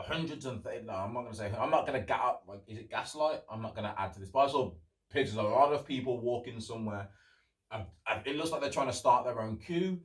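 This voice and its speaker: A man's voice: medium pitch, recorded from a distance, poor audio. A young man hosting a solo podcast, rambling in casual chat, sarcastic and swearing as he rants. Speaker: podcast host.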